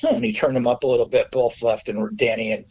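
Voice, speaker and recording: Animated middle-aged man telling stories. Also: mid-range voice, fast, vocal fry, breathy edge, lo-fi sound. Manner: animated, swears freely, acts out quotes in a raised voice. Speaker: guest musician. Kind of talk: anecdotal interview storytelling.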